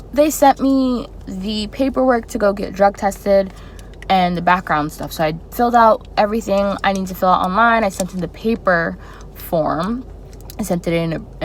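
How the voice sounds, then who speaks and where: A young woman tells a personal story to her camera in a casual, animated way. Her voice sits a little low for a woman, and she swings into dramatic reactions. A faint background noise runs under the recording. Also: low-quality recording. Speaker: flight attendant vlogger.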